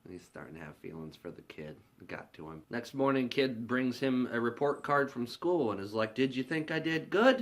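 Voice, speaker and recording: A man's voice: mid-range voice, a little fast, hardly any pauses. A young man casually recapping a film plot in a rambling, profane way, full of "like". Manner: rambling, profane, heavy use of "like". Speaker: movie reviewer.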